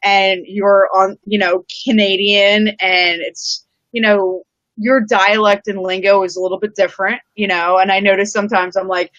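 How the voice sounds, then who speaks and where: A woman hosts a casual live stream from outdoors, rambling along with plenty of filler words and loose, easy swearing. The sound is muffled and lo-fi, with no room around her voice. Her pitch sits in the usual middle range. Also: level tone, normal speed, a bit bright, no room sound. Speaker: host of a live-streamed chat show. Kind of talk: casual conversational chat. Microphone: live-stream setup. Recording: dull, dry lo-fi sound.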